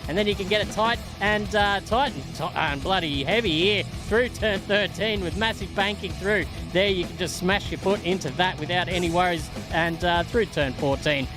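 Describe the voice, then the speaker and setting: A man commentating a sim race, upbeat and rattling through track details. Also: high-pitched. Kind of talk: play-by-play commentary. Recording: music playing underneath. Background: background music.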